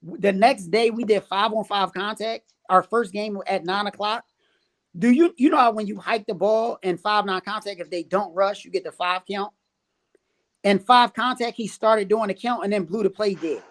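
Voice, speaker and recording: Animated Philly guy telling ref stories. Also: high voice, moderate pace. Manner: animated, exasperated, laughing through stories. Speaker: referee, podcast guest. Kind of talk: casual storytelling chat.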